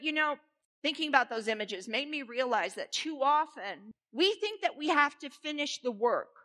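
A woman minister giving a sermon in a church, playful and animated as she leads the congregation. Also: a little high. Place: church sanctuary. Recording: reverberant church hall.

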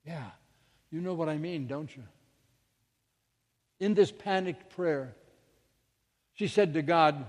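A man's voice: a little high, slow pace, long pauses, in a large hall. A male minister telling a story in a sermon, dramatic, with sudden drops to near-whispers.

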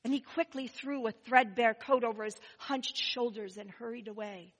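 A woman telling a first-person story, expressive and swinging between loud and hushed. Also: fairly high pitch, long reverb tail, low-quality recording.

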